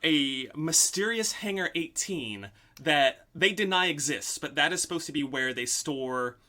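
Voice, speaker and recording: Brief: a podcast host with a bright, slightly high voice, spinning a story casually with lots of fillers. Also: male voice, lively intonation, a little slow. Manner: storytelling with many "um" and "like". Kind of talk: casual chat.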